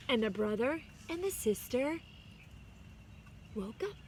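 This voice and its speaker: A woman, a music teacher, reading a picture book aloud to her students outdoors and pausing to explain words to the children. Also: a little high, big pitch swings, a little hiss or hum. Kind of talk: storybook read-aloud. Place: outdoors on a chilly day.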